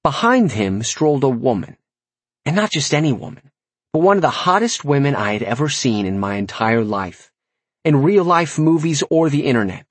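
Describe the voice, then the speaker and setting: A man's voice: medium pitch, sing-song, moderate pace, slightly rough, dry recording. A man narrating a first-person fantasy audiobook in a wry, conversational way.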